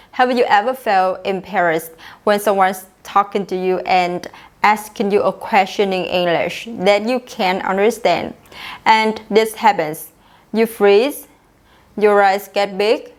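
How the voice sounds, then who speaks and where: A woman's voice: medium pitch, steady tone, slow pace. Young woman teaching English. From Vietnam. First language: Vietnamese. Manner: clear and instructive, acts out example phrases. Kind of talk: online English lesson.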